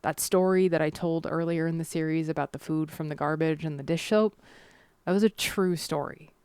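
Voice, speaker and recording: A woman's voice: deep voice, steady tone, normal speed, a little mellow, clean tone, dry recording. A woman reading her own personal essay aloud, earnest and candid, with blunt swearing and wry self-aware humor.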